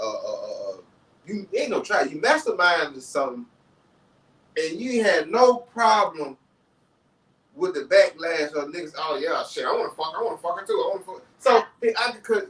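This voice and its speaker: A man co-hosting a podcast in casual chat, animated, who keeps repeating "you know what I'm saying". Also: high-pitched. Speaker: podcast co-host. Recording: roomy echo, distant from mic.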